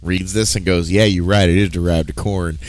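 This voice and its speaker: A man's voice: low voice, steady tone, normal speed, a little mellow. A man live-streaming a game, chatting casually in a rambling, profane way, stopping to correct himself and laughing often. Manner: restarts and self-corrections mid-sentence. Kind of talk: casual live-stream chat while playing.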